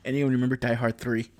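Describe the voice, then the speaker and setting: A man's voice: mid-range voice, no echo. A man in his thirties, a podcast host rambling through a profane comedic monologue and laughing at his own jokes. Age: 30s.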